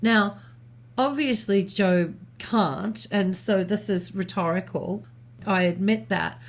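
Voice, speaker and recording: Woman co-host, middle-pitched voice, measured and reflective, talks through ideas as she goes. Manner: thoughtful, measured, reasoning aloud with small restarts. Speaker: podcast co-host. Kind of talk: reflective conversational commentary.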